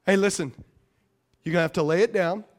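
Man preaching, very high voice, call-and-response, playful asides, repeats lines for emphasis. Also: a little fast. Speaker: pastor. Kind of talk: sermon.

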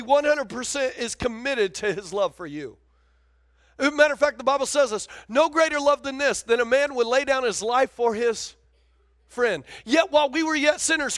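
A male pastor with a very high voice gives an animated sermon, calling out to his congregation. The sound is dry and close, with no room sound at all.

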